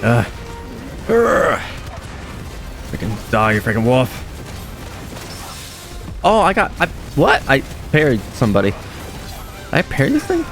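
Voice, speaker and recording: A young man giving casual, excitable gameplay commentary, laughing often and exclaiming at the game. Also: medium pitch, a little slow, pauses often, faint music behind. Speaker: let's play gamer.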